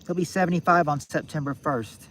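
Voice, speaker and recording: A man's voice: a little high, brisk, a bit bright, a little hiss or hum. A man of about sixty hosting a game-night stream, rambling and thinking aloud with many restarts. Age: 60s. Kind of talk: casual live-stream chat.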